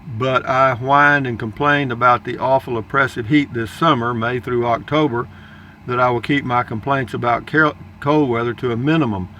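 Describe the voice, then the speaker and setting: A man's voice: mid-range voice, steady tone, normal speed, pushed and bright, lo-fi sound, slight background noise. An older man reading viewer comments aloud in a folksy, rambling casual chat. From Texas, United States. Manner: folksy, rambling, chuckling asides.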